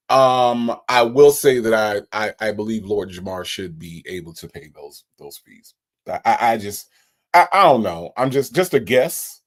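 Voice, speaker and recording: A livestream host delivers mocking, incredulous commentary between reading out viewers' super chats. The pitch swings widely from line to line, giving the talk an animated, sing-song feel.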